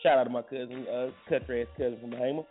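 A man's voice: mid-range voice, fairly even intonation, racing. Joking man on a tinny phone line. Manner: rambling and joking, many restarts. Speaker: morning show host. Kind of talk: casual morning radio chat. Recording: tinny phone-like audio with faint music.

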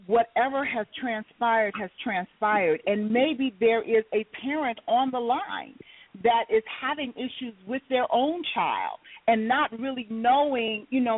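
A woman's voice: a little high, no echo. A woman co-hosting a call-in radio talk show, speaking emphatically in a preacherly way. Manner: emphatic, preacherly, drawing words out. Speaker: radio co-host. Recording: dry, tinny phone-like line.

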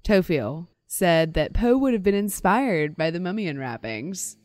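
Animated woman telling a story. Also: fairly low pitch, a little slow, no room sound. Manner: animated, acts out quotes with playful voices. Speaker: podcast co-host. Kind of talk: casual storytelling chat.

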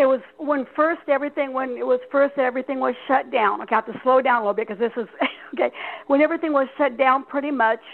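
A woman calling in to a radio show, telling a story in a chatty, rambling way with quick laughs. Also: sits high, vocal fry. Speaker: caller. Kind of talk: phone-in radio call. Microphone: telephone. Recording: tinny phone line.

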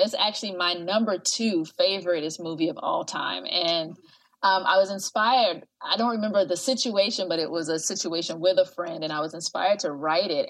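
A woman in her fifties, a wellness coach guest on a podcast, talking in an animated way, laughing often and acting out prissy voices. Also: on the low side. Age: 50s. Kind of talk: casual interview chat.

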